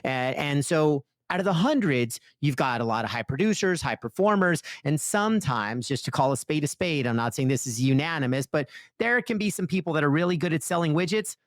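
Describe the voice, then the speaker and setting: A man talking as a podcast guest and author, telling energetic stories with lively voiced asides. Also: a little high, brisk, hardly any pauses, no room sound, studio quality. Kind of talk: conversational interview.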